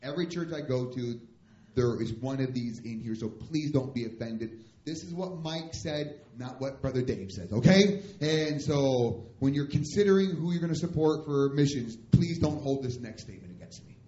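A man preaching a comic, animated storytelling sermon as a missionary in a church, acting out the dialogue. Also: mid-range voice, moderate pace, a little hiss or hum. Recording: roomy church hall, dull lo-fi sound.

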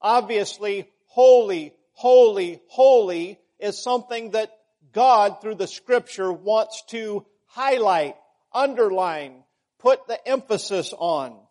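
A man preaching a sermon, measured and emphatic, repeating key words for stress. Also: sits high, a little mellow.

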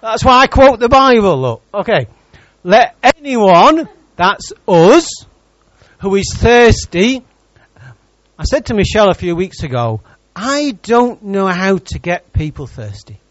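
A man delivers a sermon in a high, very animated voice that leaps up and down. He preaches as a pastor and teases his congregation with jokes between his points. The sound is dry and a little dull. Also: a little slow, dry recording. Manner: lively, teasing preacher who jokes with the congregation.

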